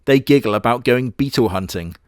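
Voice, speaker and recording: Man, sarcastic anime commentary, crude jokes, mid pitch, dry close sound. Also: a little fast, no room sound. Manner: sarcastic, crude, mocking asides. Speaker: anime reviewer.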